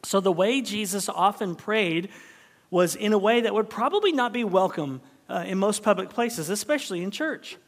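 High-voiced preacher man in an echoing hall. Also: normal speed. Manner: animated preaching, dropping to a hushed whisper for emphasis. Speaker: pastor. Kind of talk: sermon.

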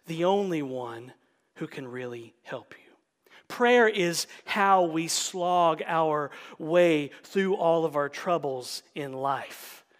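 A man preaching a sermon as pastor, dropping often into a hushed, whispered emphasis. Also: a little high, in a large hall.

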